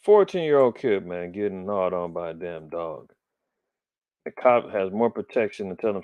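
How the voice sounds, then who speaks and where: A man's voice: on the low side, big pitch swings, unhurried, long pauses, darkish tone, no echo. A middle-aged man from Los Angeles hosting a religious commentary show, indignant and preacherly as he comments on the news and reads scripture with emphasis.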